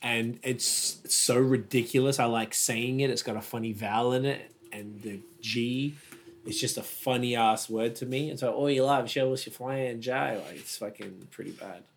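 A man's voice: mid-range voice, steady tone, moderate pace, vocal fry, slight background noise. A man with an Australian accent hosts a loose chat. He rambles through stories, swears freely and laughs often. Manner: rambling, profane, laughs easily. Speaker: podcast host. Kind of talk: casual chat, storytelling.

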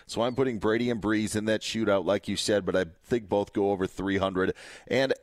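A man's voice: lowish voice, fairly even intonation, fairly quick, dry recording, studio quality. A man from Wisconsin co-hosting a casual sports podcast, joking and wrapping up the show. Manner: jokey, wraps up the show. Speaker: podcast co-host.

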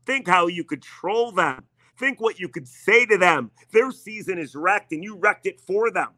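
A man's voice: sits high, expressive, normal speed, bright, forceful tone, no echo. Emphatic, needling sports radio man. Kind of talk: sports talk monologue.

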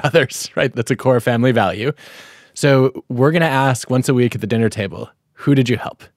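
A man's voice: mid-range voice, dry recording, studio quality. A middle-aged man hosting a podcast, telling a family story and asking reflective questions. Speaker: podcast host. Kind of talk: podcast conversation.

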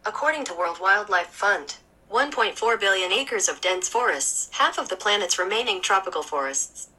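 A synthetic female voice assistant gives an answer. Her tone is bright and a little breathy, like a computer reading out facts. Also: mid-range voice, expressive, normal speed, rough recording.

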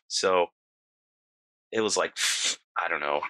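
A man telling a long personal story in casual chat, animated, acting out quotes and often adding "you know" and "right". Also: low-pitched, takes it slowly, long pauses, dry recording.

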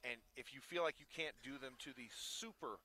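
A former pro football player talking casually and telling stories animatedly. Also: male voice, medium pitch, fairly quick. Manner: animated storyteller, acts out quotes. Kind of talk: casual sports talk.

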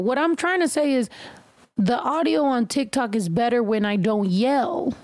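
Loud, excitable woman podcast host. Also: fairly high pitch, unhurried, no room sound. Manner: loud, excitable, swears freely. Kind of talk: casual podcast chat. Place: podcast room.

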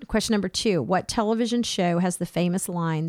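A woman's voice: fairly low pitch, a little fast, a little mellow, no room sound. A woman co-hosting a talk show, upbeat and bubbly as she runs a trivia game. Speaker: co-host. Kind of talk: casual chat.

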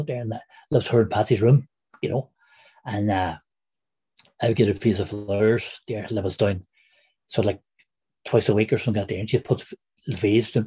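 Husky, dark-voiced Derry man in his 60s. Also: on the low side, highs cut off. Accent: Derry, Northern Irish. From Northern Ireland. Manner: rambling, many fillers and "there". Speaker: guest. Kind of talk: casual reminiscing interview.

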